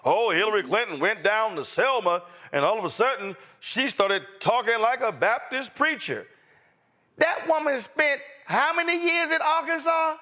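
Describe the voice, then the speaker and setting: A man's voice: extremely high pitch, normal speed, pushed and bright. A male host giving emphatic political commentary with a preacher-like cadence.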